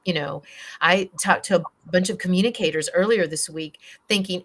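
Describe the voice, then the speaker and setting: A woman's voice: fairly low pitch, normal speed, a bit bright. A woman speaking on a workplace wellbeing panel, earnest and emphatic as she builds on what others have said. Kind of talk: panel discussion.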